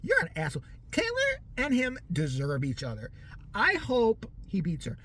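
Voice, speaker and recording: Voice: medium pitch, wildly swooping pitch, moderate pace, a bit bright, husky. A vlogger delivering a profane, ranting commentary, laughing often.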